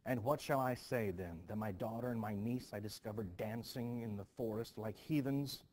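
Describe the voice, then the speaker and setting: A man's voice: fairly low pitch, moderate pace, a little mellow, a little hiss or hum, lightly acted. A male teacher reading a play aloud, voicing an anxious, stern middle-aged minister who scolds his niece.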